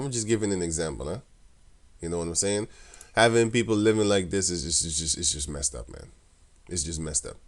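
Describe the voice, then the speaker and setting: A religious commentator with a deep, low voice talks through scripture casually. He laughs often, sounds mocking and scornful, and rambles loosely with frequent restarts.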